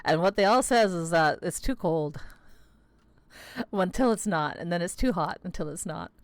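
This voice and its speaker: Low-voiced woman streamer, casual rambling chat, dry close mic. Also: lively intonation, unhurried, no echo. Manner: chatty, rambling, many "like" fillers, laughs often. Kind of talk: casual gaming livestream chat. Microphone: close desk mic.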